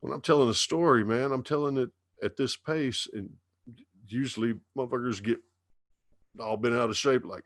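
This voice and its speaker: A man in his fifties with a Dallas Texas drawl, telling stories slowly and swearing freely as a guest on a casual podcast. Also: medium pitch, fairly even intonation, fairly bright tone, no echo, studio quality. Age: 50s. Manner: slow drawling storyteller, heavy swearing. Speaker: radio DJ guest.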